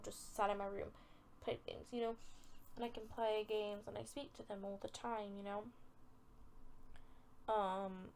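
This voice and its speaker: A chatty young woman rambles through a casual podcast, full of "like" and "you know" and quick giggles. Her voice sits a bit high, with a gravelly, fry-laden edge. A faint hiss runs under the recording. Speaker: podcast host.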